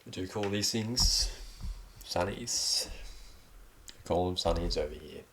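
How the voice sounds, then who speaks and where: A man's voice: deep voice, unhurried, creaky, a bit bright, a little hiss or hum. A young Australian man hosting a casual solo podcast, rambling in a laid-back way with lots of ums. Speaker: podcast host.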